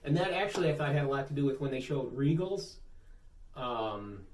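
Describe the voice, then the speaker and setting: Animated, jokey male co-host. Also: mid-range voice, moderate pace. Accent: Western New York. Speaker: talk show co-host. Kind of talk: casual banter. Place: underground bunker room. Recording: echoey room, distant mic, faint hiss.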